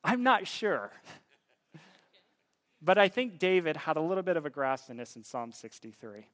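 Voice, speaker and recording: A young man preaching a conversational sermon, stumbling over repeated words and building up to forceful emphasis. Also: fairly high pitch, animated, moderate pace.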